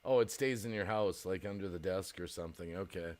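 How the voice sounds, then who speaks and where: A man's voice: deep voice, a little fast, darkish tone. A man from the United States hosting a casual livestream, chatting with viewers and laughing often as he rambles. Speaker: livestream host. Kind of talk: casual chat reading viewer comments.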